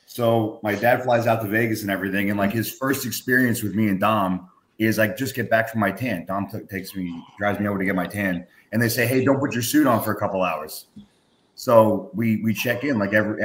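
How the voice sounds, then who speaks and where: A man guest on a video call, telling a story in a laid-back, wry way. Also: on the low side. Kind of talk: casual storytelling chat. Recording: roomy, with a faint hiss.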